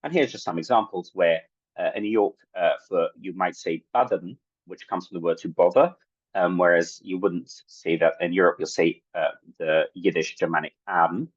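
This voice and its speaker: A man giving an academic talk at an online workshop, halting and full of fillers, on video-call audio. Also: sits low, husky, no echo, muffled recording. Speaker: workshop presenter.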